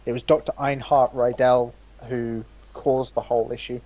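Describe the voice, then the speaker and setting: A man runs a tabletop game as game master, speaking at a middling pitch. He narrates in a halting way, with many pauses and restarts. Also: level tone, dark tone, slight background noise.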